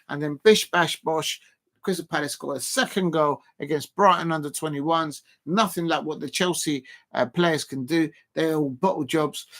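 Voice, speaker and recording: Chatty young-sounding man streaming. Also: fairly high pitch. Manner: rambling, chatty, lots of fillers, shouts out viewers. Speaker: live stream host. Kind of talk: casual live watch-along commentary.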